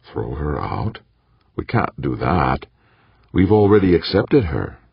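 A man voicing a stern elderly male professor, who talks slowly and brusquely. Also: extremely low pitch, big pitch swings, gravelly, husky, no echo, exaggerated voice. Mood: indignant. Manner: slow, brusque and irritable. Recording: dull, muffled audiobook recording.

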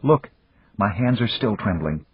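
Male narrator putting on a fragile, spoiled young woman, soft and uncertain, in a husky voice with lively rises and falls. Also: unhurried, no room sound, lo-fi sound. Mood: frightened pleading. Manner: soft, uncertain, breathless higher voice.

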